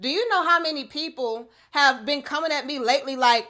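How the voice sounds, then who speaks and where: A woman's voice: sits high, lively intonation, moderate pace, few pauses, fairly bright tone. A young adult woman co-hosting a heated casual chat, blunt and profane as she defends a friend.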